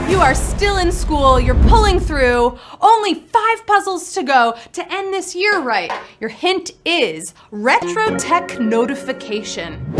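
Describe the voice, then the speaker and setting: A woman hosting a live word game show, talking in a playful, upbeat patter full of puns. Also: high-pitched.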